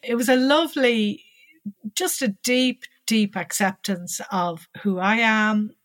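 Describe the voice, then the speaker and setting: An older woman with an Irish accent telling a personal story in an interview, growing animated as she recalls conversations. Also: fairly high pitch, takes it slowly, dry recording. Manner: animated, lively when recalling dialogue.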